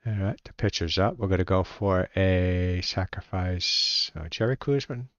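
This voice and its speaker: A man playing a solo tabletop baseball game, reading out dice rolls and calling the plays in a relaxed, halting way, muttering to himself as he looks things up. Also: sits low, dry recording, highs cut off. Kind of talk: casual play-by-play while rolling dice.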